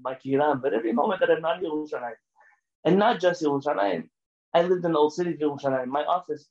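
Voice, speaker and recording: A man, a rabbi, giving a lecture full of stories, animated and emphatic, sometimes rising almost to a shout. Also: a little high, lo-fi sound. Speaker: rabbi teaching a class. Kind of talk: lecture with storytelling.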